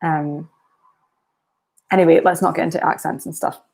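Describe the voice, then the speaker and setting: Woman, Aberdeen Scottish accent, somewhat low pitch, quiet rambling live-stream chat, lots of ums, casual swearing. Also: little pitch movement, normal speed, gravelly, husky. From northern Scotland.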